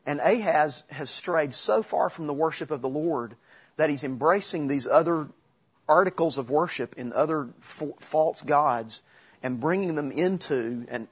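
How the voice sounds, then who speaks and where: A man's voice: on the high side, slightly rough, dull audio. A man preaching a sermon in a conversational way, with asides and self-corrections. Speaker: pastor.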